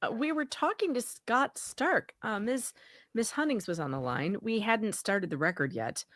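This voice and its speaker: Playful woman co-host, lively pitch. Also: no echo, clean studio sound. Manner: playful, quick, reads aloud. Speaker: co-host reading a transcript. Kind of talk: casual live-stream chat.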